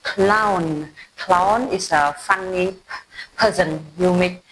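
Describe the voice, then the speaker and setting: A woman's voice: on the low side, slow, fairly bright tone, a little hiss or hum, rough recording. A woman from Cambodia with a Cambodian accent, teaching an English phonics lesson and repeating each word several times with simple explanations. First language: Khmer.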